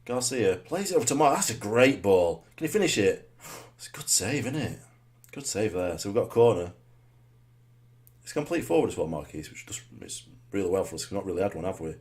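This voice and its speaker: Guy, deep voice, mumbling commentary over his football game then yelling all of a sudden, really up and down. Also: brisk. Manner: muttered rhetorical asides with sudden excited shouts. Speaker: gamer commentating his own match. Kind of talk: live gameplay commentary.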